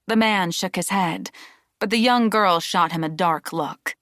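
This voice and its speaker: A woman reading a novel aloud as an audiobook narrator, steady and measured. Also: fairly low pitch, no room sound, studio quality. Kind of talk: scripted narration.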